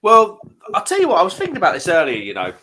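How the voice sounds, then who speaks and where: A man's voice: high-pitched, huge pitch swings, quick pace, pushed and bright, a little hiss or hum. A man co-hosting a casual livestream, talking eagerly and with strong opinions about beer. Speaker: livestream co-host. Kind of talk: casual chat over a beer.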